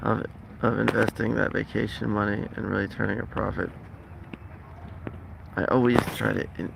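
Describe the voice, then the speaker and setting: A man's voice: on the low side, gravelly, background noise. A man chatting casually on a live stream, rambling and reading out viewer comments as he signs off. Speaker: vlogger wrapping up a live stream.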